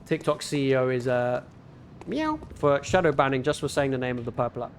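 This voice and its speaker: A man's voice: mid-range voice, lively intonation, fairly quick, background noise. A man with a northern English accent, chatting casually with viewers while gaming on a livestream in a laid-back, rambling way. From northern England.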